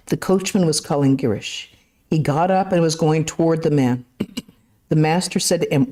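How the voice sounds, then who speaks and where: A woman reading a holy text aloud to a study group in a steady, measured way, with brief asides. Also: sits low. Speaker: scripture reader. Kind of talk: reading scripture aloud to a class.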